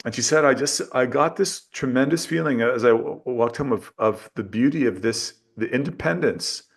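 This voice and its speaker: Halting, thoughtful male podcast guest. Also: medium pitch, gravelly. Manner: thoughtful, halting, repeats words while searching for his point. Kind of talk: casual conversation.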